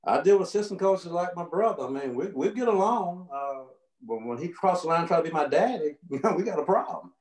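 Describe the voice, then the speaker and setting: A man's voice: high voice, expressive, fairly quick, darkish tone, roomy sound. A man, a veteran lacrosse official, giving casual folksy advice and explaining through family comparisons. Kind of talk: casual instructional talk.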